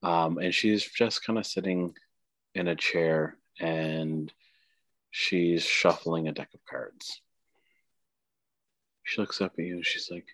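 A man's voice: low-pitched, steady tone, takes it slowly, pauses often, a bit bright, no room sound. A man narrating as game master, with hesitant delivery full of fillers.

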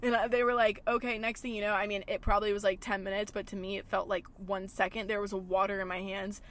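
A woman's voice: mid-range voice, little pitch movement, fast talker, fairly bright tone. A young woman hosting a podcast from a parked car, talking casually with lots of "like" and frequent swearing. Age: young adult. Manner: chatty, swears a lot, says "like" often. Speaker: podcast host. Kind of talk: casual chat. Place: car in a gas station parking lot.

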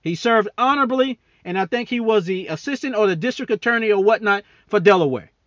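A man's voice: high-pitched, expressive, fairly quick, a bit bright, no room sound, dull audio. Profane, heated man ranting on a podcast. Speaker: podcast host; military service member. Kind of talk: angry political rant.

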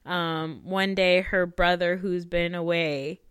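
A woman's voice: lowish voice, steady tone, takes it slowly, fairly bright tone, clean tone, dry recording, clean studio sound. A woman co-hosting a casual chat, retelling a film plot with giggles and acted-out quotes. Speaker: podcast co-host.

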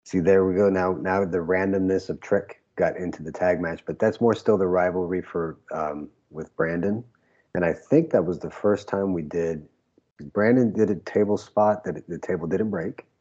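A man's voice: sits low, normal speed, dark tone, lo-fi sound. A man casually recalling old matches in an interview, a laid-back storyteller who laughs often. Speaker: former pro wrestler guest.

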